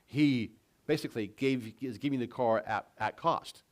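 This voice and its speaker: A man's voice: mid-range voice, normal speed. A man preaching a sermon as pastor, telling stories and putting questions to his congregation. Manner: conversational storytelling with questions to the congregation. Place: church sanctuary.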